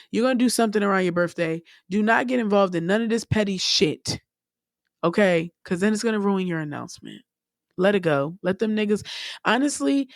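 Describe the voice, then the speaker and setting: A woman's voice: medium pitch, dry recording, clean studio sound. A young woman, hosting a casual solo podcast and talking bluntly and profanely, laughing often. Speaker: podcast host.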